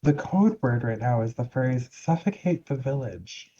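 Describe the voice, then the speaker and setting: A man's voice: mid-range voice, lively intonation, mellow, lo-fi sound. A man voicing a gushing, sweet-talking female guild member in a tabletop game, fawning and chatty. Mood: sweetly eager. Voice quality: fawning and chatty, drawn-out syrupy phrasing.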